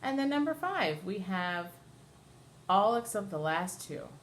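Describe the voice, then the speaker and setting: Woman cantor, patient teacher, mid-pitched voice, sings brief chant examples, faint background hiss. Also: very animated, measured pace. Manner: explains patiently, then chants short sung examples. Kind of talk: class lesson with sung examples.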